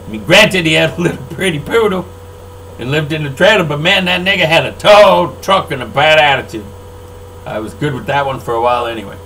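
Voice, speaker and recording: An older man who owns a record label, delivering an angry, profane, rambling monologue that swings between loud outbursts and low mutters. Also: a little fast, a little hiss or hum, rough recording.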